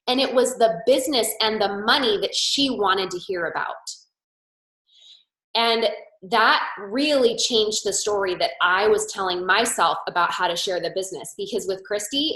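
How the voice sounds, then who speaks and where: Bright-voiced chatty woman, echoey room. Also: mid-range voice. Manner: chatty storytelling, acting out quoted dialogue. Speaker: team leader on a sales call. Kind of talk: motivational sales coaching talk.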